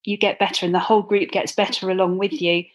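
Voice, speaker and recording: A woman's voice: mid-range voice, little pitch movement, fast. A woman guest telling her running story in a chatty, earnest way, with many ums. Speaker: guest, club runner. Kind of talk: casual interview.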